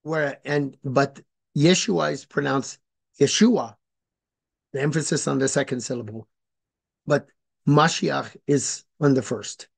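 A man giving an informal lecture, hesitant and deliberate with many fillers and restarts, explaining slowly and spelling words out. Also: mid-range voice, steady tone, vocal fry. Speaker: speaker on religious history.

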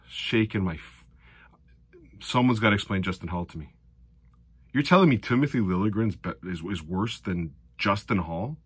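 A middle-aged man giving a casual recap of a hockey game, animated and sarcastic, often exasperated. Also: fairly low pitch, unhurried, long pauses, breathy edge, no echo. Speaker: hockey fan commentator.

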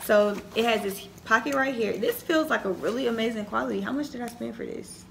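A young woman, chatting excitedly to her viewers as she unboxes a shopping haul. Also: a little high, brisk, vocal fry, a little hiss or hum. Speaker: haul vlogger. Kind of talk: casual chat to camera.

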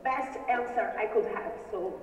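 A woman from Brazil with a Brazilian accent, whose first language is Portuguese, giving an emotional thank-you speech close to tears. She is excited and stumbles over her words. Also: a little high, measured pace, soft background music. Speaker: competition contestant. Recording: echoey distant video call audio.

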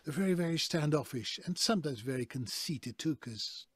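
A man's voice: fairly high pitch, expressive, moderate pace, slightly rough, no room sound. A man from Europe, a voice actor and coach, talking as a guest in a conversational interview. He tells his stories emphatically and leans on repeated intensifiers.

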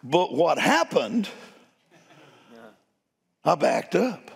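An older man, preaching a sermon and telling stories in a folksy, playful way, with a gravelly, husky voice. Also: fairly high pitch, sing-song, extremely slow, pauses often, a bit bright. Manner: folksy, playful, addresses crowd as y'all. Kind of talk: sermon storytelling. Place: church sanctuary. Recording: long hall reverb.

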